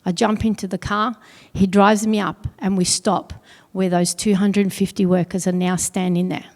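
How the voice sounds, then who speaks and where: A middle-aged woman telling a personal story on stage at an awards event, earnest and pausing heavily. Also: mid-range voice, level tone, darkish tone. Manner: earnest, heavy pauses, quotes others in dialogue. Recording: long hall reverb.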